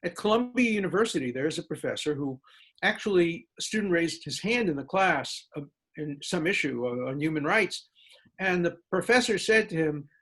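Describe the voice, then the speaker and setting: Law prof guy answering student questions, kinda high voice for a man, emphatic and a bit sarcastic. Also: normal speed, slightly rough. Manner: emphatic and sarcastic, piling up lists of words; animated speaker with big pitch jumps for emphasis. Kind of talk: lecture-style Q&A answer.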